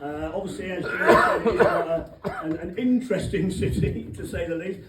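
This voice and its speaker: A man with an English accent doing animated stand-up comedy in a comedy club, swearing freely. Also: high voice, normal speed. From England. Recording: echoey distant club recording, noisy crowd.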